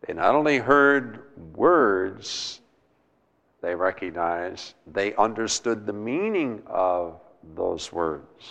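Male preacher, emphatic sermon, rough gravelly tone, long hall echo. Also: on the low side, animated, takes it slowly, a bit bright, muffled recording. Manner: emphatic, repeats words, asks the listeners questions.

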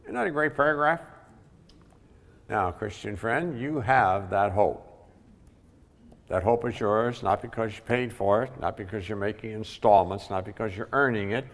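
Low gravelly guy preaching slow and emphatic, big echoey church hall. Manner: emphatic, repeats key words for weight. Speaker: pastor. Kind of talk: sermon. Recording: long reverb of a large hall.

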